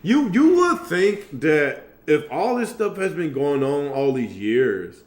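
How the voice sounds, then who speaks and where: A man's voice: on the high side, sing-song, slow pace. A man co-hosting a casual podcast, rambling through loose, profane stories. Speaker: podcast co-host. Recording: roomy echoey mic.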